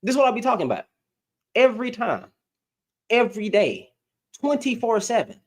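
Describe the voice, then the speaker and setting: A young man with a high, swooping voice delivers a reaction commentary to his webcam at home. He rants and repeats himself, each line rising and falling in disbelief. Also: big pitch swings, normal speed. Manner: ranting, repeats phrases, incredulous. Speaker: commentary vlogger. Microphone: computer webcam.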